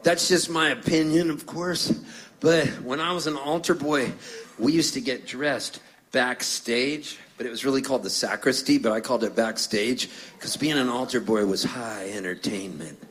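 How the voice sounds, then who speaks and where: A man's voice: medium pitch, normal speed. A middle-aged man from Canada telling jokey stories on stage between songs, acting out voices as he goes. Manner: animated, jokey, acts out voices.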